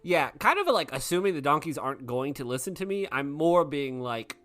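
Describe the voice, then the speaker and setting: A man's voice: a little high, sing-song, a little fast, a bit bright, soft background music. A man casually describing his moves as a player in a tabletop game.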